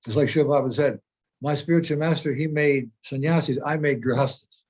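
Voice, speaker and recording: A man's voice: a little high, quick pace, darkish tone. A man speaking as a spiritual teacher in an informal discussion, earnest and explanatory, often repeating phrases as he searches for words.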